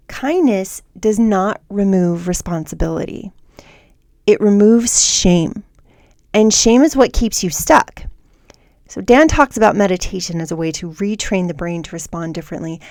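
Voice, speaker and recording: A woman hosting a self-help podcast, speaking in a calm, measured and encouraging way through a scripted monologue. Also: medium pitch, dry recording, studio quality. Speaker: podcast host.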